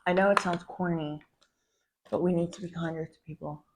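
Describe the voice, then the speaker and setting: A woman's voice: fairly low pitch, fairly even intonation, a little fast, heavy background noise. Woman ranting as a POV girlfriend. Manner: profane, ranting, calls the listener babe. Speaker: content creator. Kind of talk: POV girlfriend role-play venting.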